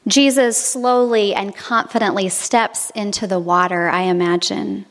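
A woman's voice: medium pitch, fairly even intonation, measured pace, few pauses, in a large hall. A woman preacher delivering a sermon, telling stories in a reflective way. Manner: reflective storytelling. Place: monastery.

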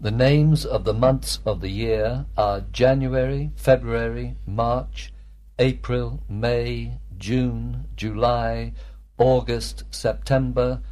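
A man student answering a teacher's drill questions in measured full sentences. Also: medium pitch, fairly even intonation, darkish tone.

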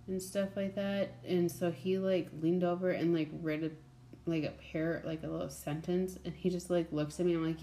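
Young woman, mellow lowish voice, blunt casual book chat, filler-heavy, faint noise floor. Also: little pitch movement, normal speed. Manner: chatty, blunt, many fillers and "like"s. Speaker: book podcast host.

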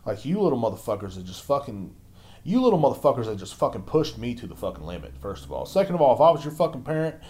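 A young adult man hosts his own podcast, delivering an angry solo rant full of constant swearing and mocking others in squeaky, silly voices. His voice is darkish in tone, fast, with big pitch swings.

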